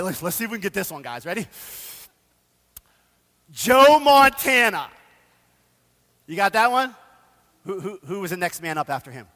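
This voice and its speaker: Animated high-voiced man preaching. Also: big-room sound. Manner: casual, animated storytelling with slang. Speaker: pastor. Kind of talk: sermon. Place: church sanctuary.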